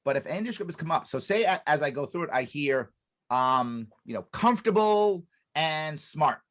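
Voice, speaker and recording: Animated man explaining on a podcast. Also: mid-range voice, a little fast. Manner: animated, acts out quoted dialogue; emphatic, repeats key points with restarts. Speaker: podcast guest, business consultant. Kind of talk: podcast interview, explaining a method.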